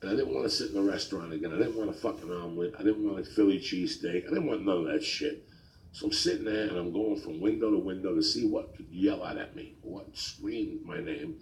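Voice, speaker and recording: A man hosting a podcast, telling a profane story in a casual, animated way, mumbling one moment and yelling the next. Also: deep voice, fast, reverberant, rough recording. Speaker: podcast host.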